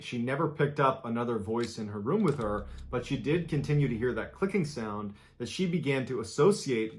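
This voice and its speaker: Male horror storyteller, scripted, mid pitch, measured suspense.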